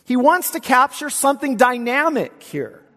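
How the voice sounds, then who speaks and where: A pastor with a high, sing-song voice delivers an expository sermon in a church sanctuary at a normal pace, his tone jumping between emphatic declarations and quiet asides. He repeatedly asks rhetorical questions while working through a passage, and long hall reverb trails each phrase.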